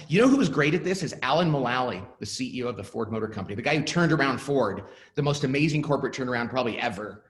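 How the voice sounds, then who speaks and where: A middle-aged man talks through a webinar interview in a lively, up-and-down voice. He tells stories and acts out the lines of the people in them. His pitch sits in the middle for a man. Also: racing, hardly any pauses. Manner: animated storyteller who acts out quoted dialogue. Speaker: author and guest speaker.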